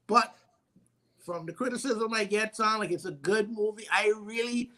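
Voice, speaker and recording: Animated high-voiced Bahamian man. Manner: animated storyteller, stutters on restarts. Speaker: talk show co-host. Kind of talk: casual chat.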